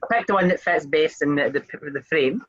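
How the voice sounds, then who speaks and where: A man's voice: a little high, brisk, a bit bright, highs cut off. A man hosting a casual interview over a video call, asking questions hesitantly with frequent restarts. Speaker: host.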